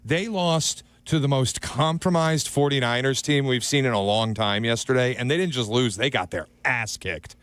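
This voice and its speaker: A man's voice: mid-range voice, normal speed, few pauses, a bit bright, smooth, no echo. Blunt male sports talker. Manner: blunt, emphatic. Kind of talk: sports radio talk.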